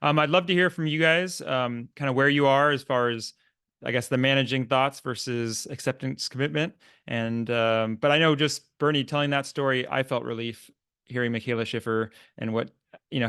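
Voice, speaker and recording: A man hosts a podcast panel in an easygoing way, thanking one guest and inviting another to speak. His voice is smooth and resonant, recorded dry and close. He sits at a middle pitch. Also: fairly bright tone, no echo. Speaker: podcast host. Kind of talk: podcast discussion, moderating.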